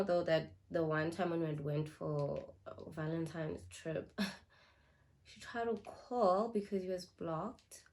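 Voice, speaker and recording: Young woman, South African accent, storytime vlog; animated, loud then hushed. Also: lowish voice. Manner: animated, swings between loud and hushed asides. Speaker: YouTuber. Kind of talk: storytime while getting ready. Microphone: phone camera.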